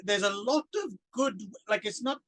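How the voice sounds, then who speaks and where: A man co-hosting a podcast, chatting casually about a film in an animated way and laughing often. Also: sits high, moderate pace, no echo. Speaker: podcast co-host. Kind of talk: casual film review chat.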